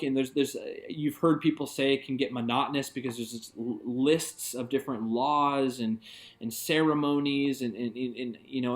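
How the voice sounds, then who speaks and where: A man, a pastor, giving an earnest, reflective devotional talk in a conversational way. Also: mid-range voice.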